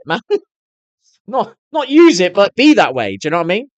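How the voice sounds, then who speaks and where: A man's voice: high-pitched, very animated, a little fast, dry recording. A middle-aged man chatting to his viewers on a live stream, swearing constantly and rambling on in a candid way. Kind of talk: casual rambling chat to viewers.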